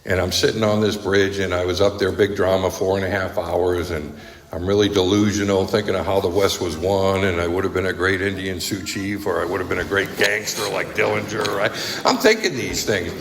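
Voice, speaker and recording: At a recovery meeting, a man tells his story bluntly and conversationally, often adding tag questions like "right?" and "okay?". His voice sits low and steady, and he talks a little fast. The hall is echoey with faint background noise.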